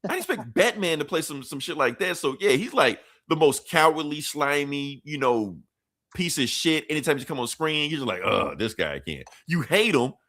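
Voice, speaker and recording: A man co-hosting a podcast in casual chat, talking in an animated, profane way and laughing often. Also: fairly high pitch, normal speed. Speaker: podcast co-host.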